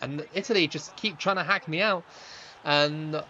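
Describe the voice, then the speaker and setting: A young man streaming a football game, chatting with viewers and reacting loudly to the play, on a slightly dull lo-fi mic. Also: a little high, moderate pace, a little hiss or hum. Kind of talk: live gaming stream commentary.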